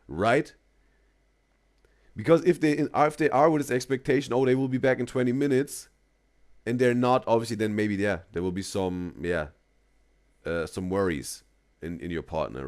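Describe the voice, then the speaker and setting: Low-voiced man giving advice. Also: expressive, moderate pace, long pauses, a little mellow. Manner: gives earnest advice, keeps adding "right?" and "bro". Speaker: reaction stream host. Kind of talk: live reaction commentary.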